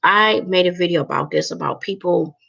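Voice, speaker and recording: Gravelly-voiced woman vlogging bluntly. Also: fairly low pitch, fairly quick, a bit bright, dull audio. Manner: candid, blunt, cusses freely, many fillers. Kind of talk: casual talking-to-camera vlog.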